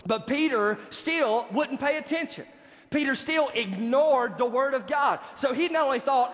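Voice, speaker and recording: Male pastor, emphatic sermon delivery, muffled lo-fi sound, high voice. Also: brisk, a bit bright. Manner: emphatic preaching, addresses congregation directly. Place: church sanctuary. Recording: dull sound in a reverberant hall.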